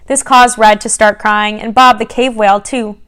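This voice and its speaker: A woman reading a bedtime story to children as a church children's ministry storyteller, expressive and friendly, then leading them in prayer. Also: medium pitch, normal speed, smooth.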